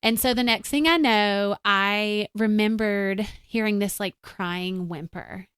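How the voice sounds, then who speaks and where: A woman's voice: medium pitch, slow, fairly bright tone, smooth, no echo, clean studio sound. A woman guest in an interview, telling a personal story in an earnest, reflective way, with casual fillers.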